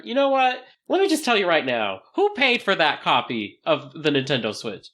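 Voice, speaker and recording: A man's voice: a little high, moderate pace, few pauses. A man co-hosting a casual podcast, reading a listener email aloud with jokey asides and frequent laughter. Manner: animated, laughs often, breaks into jokey asides.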